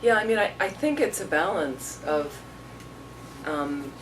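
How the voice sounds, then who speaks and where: A woman teacher answering questions from her audience, rambling into stories and acting out what people said. Her voice sits a little low. She is heard from a distance over clear background noise. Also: expressive, unhurried. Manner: rambling, storytelling, acts out quotes. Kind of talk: casual dharma talk. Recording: distant mic, noisy room.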